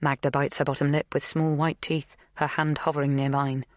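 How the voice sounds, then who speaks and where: A woman reading a thriller audiobook in measured, scripted first-person narration. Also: low-pitched, fairly even intonation, dry recording, studio quality.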